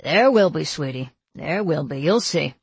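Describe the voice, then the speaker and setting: A woman voices a middle-aged father in a storybook reading, encouraging his grown daughter with fond reassurance. The voice is husky and a touch low, set close and dry with no room around it. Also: lively intonation, moderate pace, no echo, exaggerated voice. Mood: reassuring.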